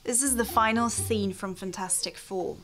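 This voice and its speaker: A woman's voice: mid-range voice, moderate pace. A woman, hosting a scripted countdown with playful, wry commentary. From Russia. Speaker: host.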